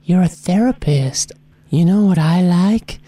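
A woman's voice: on the low side, animated, a little slow, dark tone, slight background noise. A woman making a radio prank call in a flirty, teasing way, giving playful orders.

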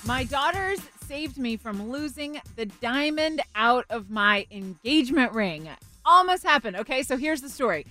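A woman's voice: high-pitched, expressive, a little slow, sharp tone, faint music behind. A woman in her thirties, a co-host on a radio show, telling a personal family story in a chatty way and laughing easily. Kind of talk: casual radio chat and timed storytelling.

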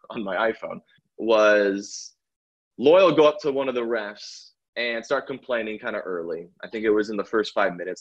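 Husky man in a muffled sports chat. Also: mid-range voice, fairly bright tone. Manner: chuckles often, halting with fillers. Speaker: podcast co-host, pitchside reporter.

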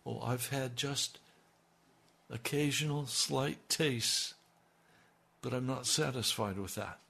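A gravelly male pastor delivering a radio sermon. His voice is mid-pitched with a rough, creaky edge. He preaches with fervor, pushing some lines out loud and dropping others to a near hush. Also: slow pace. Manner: impassioned, swinging from loud to hushed.

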